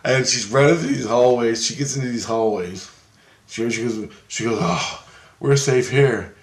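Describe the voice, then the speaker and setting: A man telling a rambling personal story, swearing freely and getting excited. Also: medium pitch, normal speed, echoey room, slight background noise. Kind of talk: casual anecdote.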